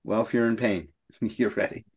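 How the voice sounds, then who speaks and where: A man's voice: lowish voice, steady tone, moderate pace, breathy edge. A middle-aged man co-hosting a recovery podcast, telling a painful personal story in an earnest, emotional way.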